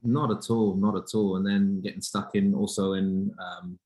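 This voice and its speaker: Low voiced sales guy, wry, keeps repeating stuff to make a point. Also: fairly even intonation, moderate pace, hardly any pauses, mellow, rough recording. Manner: wry, repeats himself for emphasis. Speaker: salesperson, guest. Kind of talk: casual interview chat.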